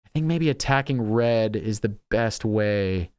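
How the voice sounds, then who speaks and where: Low-voiced man thinking aloud over a game. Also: lively intonation, measured pace, noisy background. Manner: thinks aloud, self-mocking, frequent restarts. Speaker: gaming channel host. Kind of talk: casual strategy game commentary.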